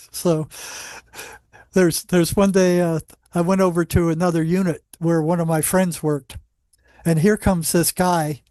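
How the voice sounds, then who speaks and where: A man who worked as a psychologist on a psychiatric unit, telling animated anecdotes in a casual interview with lots of restarts. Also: sits high, dry recording, clean studio sound.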